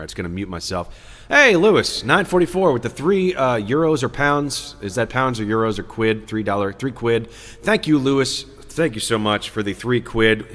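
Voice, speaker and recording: A man's voice: fairly low pitch, a bit bright, long reverb tail. A man hosting a live music stream, chatting casually between songs, rambling and joking as he reads viewer comments aloud.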